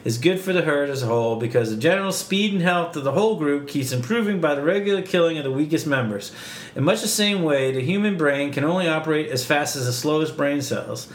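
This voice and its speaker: A man's voice: a little high, animated, fast talker, reverberant, voice pushed up, close to an everyday voice. A man putting on a Boston accent to voice a know-it-all barfly who lectures with mock authority. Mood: pontificating. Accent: attempted Boston. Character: know-it-all male barfly holding forth.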